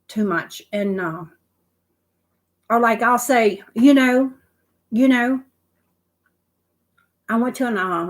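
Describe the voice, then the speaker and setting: Older lady rambling on a phone livestream, kinda high voice, lots of you know's. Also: low-quality recording. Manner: chatty, repeats herself, fillers like "you know". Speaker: livestream host. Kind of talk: casual livestream chat.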